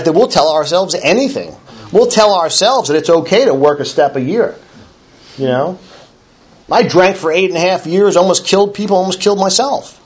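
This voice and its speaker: A middle-aged man with a somewhat high voice, speaking to a recovery meeting. He talks in a loose, conversational way, restarting his sentences often. A dry, self-mocking humor runs through his account. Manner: conversational storytelling with frequent restarts; wry self-deprecating humor. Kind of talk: personal recovery talk.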